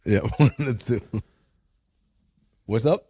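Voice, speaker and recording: A man co-hosting a podcast, teasing the others in excitable, casual comedic chat. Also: medium pitch, takes it slowly. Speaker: podcast co-host.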